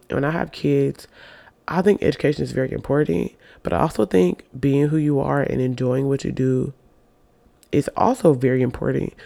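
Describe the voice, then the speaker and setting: Young man with vocal fry, talking candidly. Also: fairly high pitch, darkish tone. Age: 20s. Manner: open, confessional, swears casually. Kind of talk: candid personal monologue.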